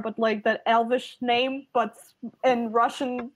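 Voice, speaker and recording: A woman's voice: a little high, little pitch movement, slow pace. A woman playing a tabletop game, chatty and hesitant, speaking for her character. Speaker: player.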